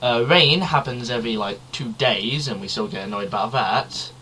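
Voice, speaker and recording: A young British man co-hosts a casual podcast, rambling, chatty and swearing freely. His medium-pitched voice moves at a normal speed, sounding pushed and bright over a little hiss or hum.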